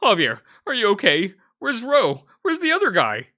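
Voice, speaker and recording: A man's voice: huge pitch swings, moderate pace, sharp tone, heavily acted. A man playing a jumpy, flustered young protagonist. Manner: high, flustered, stammering.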